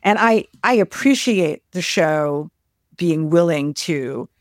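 A woman talks through a show episode in a relaxed podcast chat. She is thoughtful and full of little fillers and restarts, and her voice lifts when she acts out a quote. The sound is close and dry. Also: deep voice, slow, no echo. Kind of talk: casual discussion.

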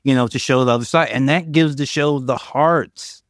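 A man's voice: medium pitch, moderate pace, no echo, studio quality. A man co-hosting a casual discussion, talking conversationally with hedges, fillers and asides.

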